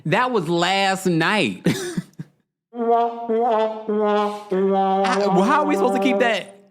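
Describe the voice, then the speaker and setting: Man, livestream host, casual commentary, blunt and exasperated, higher voice, very lively pitch. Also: slow, loud music behind the voice. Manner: animated, reading chat comments aloud. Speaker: podcast host.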